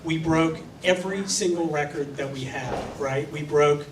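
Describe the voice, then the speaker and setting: A man's voice: fairly high pitch, normal speed, a little hiss or hum. A man hosting a live event as emcee, talking in a playful, teasing, self-deprecating way. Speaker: event host. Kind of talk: joking emcee speech. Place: large event hall. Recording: echoey hall mic from far off, crowd.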